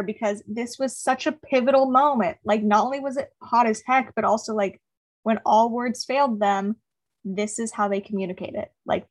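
A woman co-hosting a casual book-club podcast. She gushes and reads passages aloud with feeling. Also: mid-range voice. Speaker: podcast co-host.

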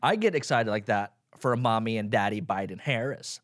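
A young man hosting a solo podcast, ranting sarcastically with plenty of swearing, swinging from loud mock outrage to mumbled asides. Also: on the high side, animated, normal speed, few pauses, dry recording, clean studio sound. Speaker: podcast host. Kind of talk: casual solo podcast rant.

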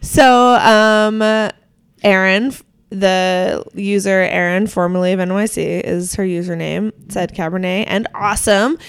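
A woman's voice: mid-range voice, fairly even intonation, a little slow, clean tone, no echo. A woman co-hosting a podcast in casual chat, gushing as she thanks listeners and reads their reviews. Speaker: podcast co-host.

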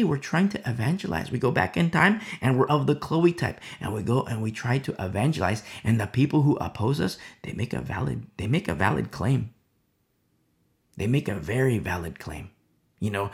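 A male preacher gives an emphatic sermon and keeps pressing his points home. His voice has a gravelly rasp and rises and falls widely. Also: medium pitch, expressive, moderate pace, a little mellow. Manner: emphatic, keeps asking "you see?".

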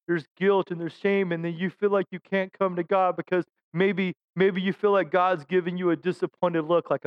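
A man's voice: sits high, clear, resonant tone, dull audio. A middle-aged man preaching a sermon, telling funny stories about himself and calling out to his congregation. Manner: humorous storytelling, self-deprecating jokes. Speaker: pastor.

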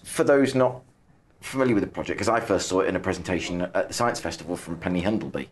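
A man hosts a podcast and puts his questions to a guest with playful animation. His speaking voice sits fairly low. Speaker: podcast host. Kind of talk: interviewing.

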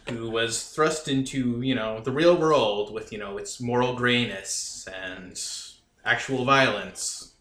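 A man's voice: mid-range voice, slow pace. A man describing his character in a game, speaking loosely with lots of "you know". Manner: relaxed, with filler "you know". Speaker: player. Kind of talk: casual podcast chat. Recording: echoey room with faint noise.

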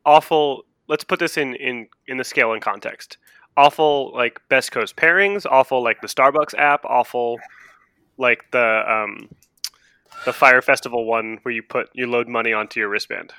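A man's voice: medium pitch, moderate pace, sharp tone, smooth, dry recording, clean studio sound. A man co-hosting a casual podcast chat, cutting in with wry, sarcastic asides. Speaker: podcast co-host.

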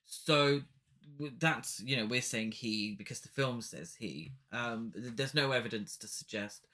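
A man's voice: mid-range voice, measured pace, bright, forceful tone. A man co-hosting a podcast, chatting casually about a film with rambling, jokey asides and frequent laughs. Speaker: podcast co-host. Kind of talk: casual film review chat.

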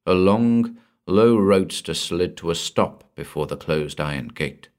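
A man's voice: low voice, animated, a little slow, a little mellow. A man narrating a pulp crime story aloud in a tense, dramatic reading.

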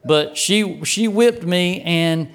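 A man's voice: high-pitched, slow pace, fairly bright tone, smooth. A middle-aged man, preaching a sermon in a folksy, humorous way through a childhood story. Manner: folksy, humorous, lots of restarts and fillers. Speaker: pastor.

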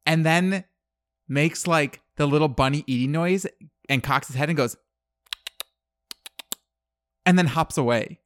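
A man's voice: on the high side, unhurried, pauses often, no echo. A man telling a movie plot in casual chat, rambling with lots of fillers and acted-out quotes. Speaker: podcast co-host.

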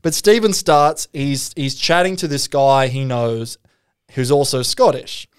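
Profane rambling man, smooth voice. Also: medium pitch, unhurried. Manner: profane, rambling storyteller with frequent fillers. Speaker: podcast co-host telling a story. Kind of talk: casual chat.

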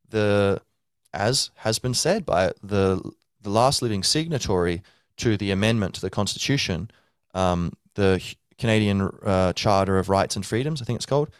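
A man's voice: fairly low pitch, smooth, no room sound, clean studio sound. A man hosting a podcast, talking casually in a loose, rambling monologue full of fillers and restarts. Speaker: podcast host.

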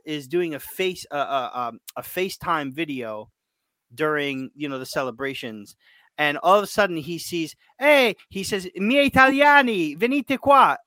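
A man hosting a casual sports chat, excitable and emotional, often repeating his words. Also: fairly high pitch, no room sound. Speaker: podcast host.

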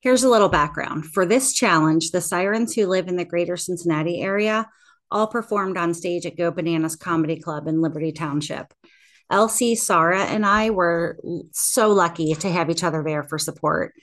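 Low-voiced woman introducing a podcast episode. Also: normal speed, a bit bright. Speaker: podcast host.

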